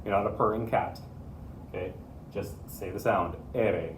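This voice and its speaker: A man's voice: fairly low pitch, steady tone, moderate pace, far from the mic, a little hiss or hum. Patient male teacher in an echoey room. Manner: patient, repeats key points. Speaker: Spanish teacher. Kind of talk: classroom lesson to students.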